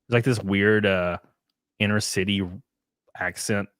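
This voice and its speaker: A man's voice: on the low side, fairly even intonation, a little slow, a bit bright, no echo, studio quality. A man with a Southern American accent hosting a casual livestream chat, laid-back and rambling, laughing often. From Southern United States. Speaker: podcast host.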